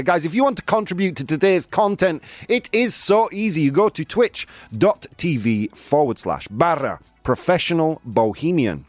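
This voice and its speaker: Lively jokey male radio host. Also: a little high, moderate pace, hardly any pauses, no room sound, faint music behind. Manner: jokey, self-mocking, laughs often. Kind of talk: casual radio chat.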